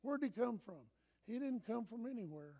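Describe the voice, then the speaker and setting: High gravelly impassioned preacher. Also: male voice, moderate pace. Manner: animated, impassioned, often shouting. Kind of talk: sermon.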